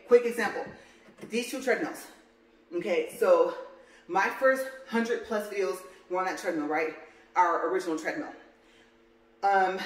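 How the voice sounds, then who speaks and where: A woman's voice: lowish voice, slight background noise. Breathless woman rambling on a treadmill. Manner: rambling, self-correcting chatter. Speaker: vlogger. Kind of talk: casual walk-and-talk vlog. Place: home room on a treadmill. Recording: roomy, distant home recording.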